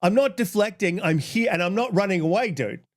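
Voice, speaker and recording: A man with a high-pitched voice hosts his channel, worked up and exasperated. He swears freely as he picks apart an online argument, dropping into a flatter tone when he reads the other side's tweets aloud. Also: a little fast. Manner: heated, profane, exasperated. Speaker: channel host. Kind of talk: ranting commentary.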